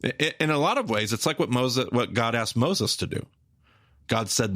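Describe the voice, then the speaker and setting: A man hosting a podcast, explaining Bible stories with emphatic, repetitive phrasing that speeds up and slows down. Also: medium pitch, expressive, fairly bright tone, no echo, clean studio sound. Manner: emphatic, repetitive, with rapid bursts and slow stressed phrases. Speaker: podcast host teaching the Bible. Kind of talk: animated teaching conversation.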